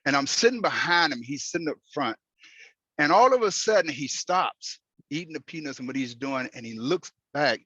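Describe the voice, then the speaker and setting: A man telling a personal story while driving, in an earnest, halting way with many restarts. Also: a little high, lively intonation, bright, forceful tone, slightly rough, no room sound. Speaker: host. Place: in a moving car.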